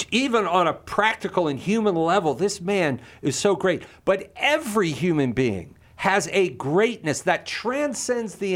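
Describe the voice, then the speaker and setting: A middle-aged man telling a personal story and arguing a moral point, earnest and passionate, often repeating words when stirred. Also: a little high. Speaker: Catholic speaker.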